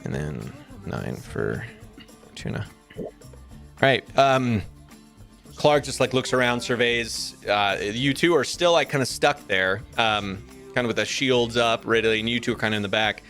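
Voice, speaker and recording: A man's voice: mid-range voice, lively intonation, measured pace, fairly bright tone, soft background music. A man narrating as game master of a tabletop game, rambling with many ums and likes.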